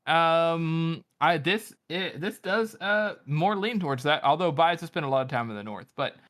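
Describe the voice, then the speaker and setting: A young man co-hosting a podcast, talking excitedly with many fillers. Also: on the high side, moderate pace. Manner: excitable, lots of fillers and laughs. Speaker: podcast co-host. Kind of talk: casual chat.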